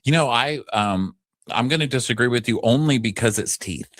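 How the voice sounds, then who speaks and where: A man's voice: mid-range voice, animated, normal speed, a bit bright, dry recording, studio quality. A man co-hosting a casual recap podcast, blunt and opinionated in his chat. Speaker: podcast co-host.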